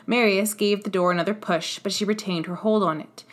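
A woman hosting a storytelling podcast, calmly reading chapters of a classic novel aloud. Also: medium pitch, a little fast, few pauses.

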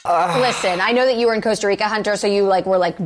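A woman's voice: mid-range voice, fast, noisy background. A woman co-hosting a talk show, joking and bubbly in casual chat.

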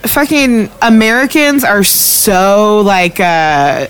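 A woman's voice: mid-range voice, lively intonation, slow pace, smooth, soft background music, low-quality recording. A woman hosting a casual podcast game, playful and swearing freely. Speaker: podcast host. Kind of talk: casual chat.

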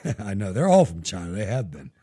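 A middle-aged man hosting a live show, telling profane, animated stories in casual chat. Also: lowish voice, fast, slightly rough. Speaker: show host.

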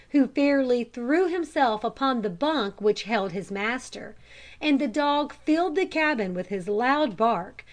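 A woman reading a children's storybook aloud in a calm, measured narration. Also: high-pitched. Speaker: audiobook reader.

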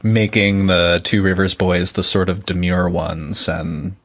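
A man's voice: deep voice, flat delivery, unhurried, breathy edge. A man co-hosting a casual book discussion, reading passages aloud and laughing easily. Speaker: podcast co-host.

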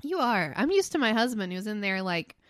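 A woman, co-hosting a podcast in casual chat, animated and giggly as she tells stories. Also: mid-range voice, a little fast, dry recording. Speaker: podcast co-host.

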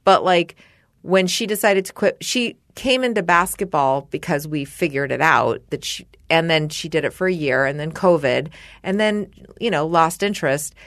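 A woman's voice: low voice, normal speed, fairly bright tone, dry recording, studio quality. A woman in her forties chatting casually with a friend, musing in a rambling way and restarting sentences. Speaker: parent. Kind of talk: casual chat between friends.

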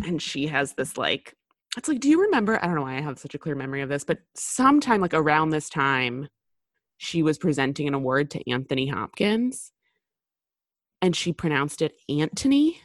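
Low-voiced woman in chatty podcast talk. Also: big pitch swings, a little fast, no room sound, clean studio sound. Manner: chatty, many fillers and restarts. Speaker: podcast co-host. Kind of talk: casual chat.

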